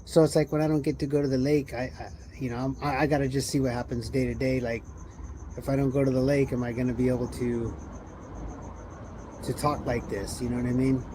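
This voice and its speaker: A man's voice: medium pitch, little pitch movement, a little fast, background noise. A tired man hosting a livestream, rambling loosely and asking himself questions as he thinks aloud. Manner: loose, musing, wandering talk with rhetorical questions. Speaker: livestream host. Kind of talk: rambling casual livestream chat.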